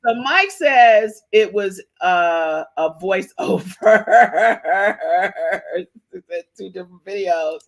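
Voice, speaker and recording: A woman hosting a livestream podcast, reacting excitedly, repeating herself and talking to her chat. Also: mid-range voice, very slow. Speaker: podcast host. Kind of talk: livestream gossip commentary.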